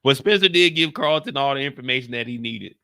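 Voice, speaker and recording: A man hosting a casual TV recap, talking in an animated, slangy and joking way. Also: medium pitch, quick pace, clean tone, dry recording, studio quality. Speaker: show host.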